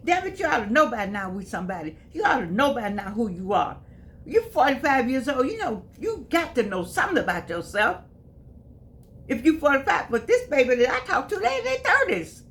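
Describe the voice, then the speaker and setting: A woman's voice: on the high side, big pitch swings, a little fast. A woman in her eighties giving a casual spoken reflection, folksy and emphatic, often repeating herself. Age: 80s. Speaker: vlogger.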